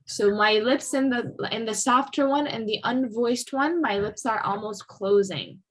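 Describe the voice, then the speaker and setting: A woman teaches English pronunciation at an unhurried pace. Her voice is a little husky and sits slightly high. She is patient and repeats each sound for her students. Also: a bit bright, poor audio. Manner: patient, slow and repetitive, modeling sounds for students. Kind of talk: online class lesson.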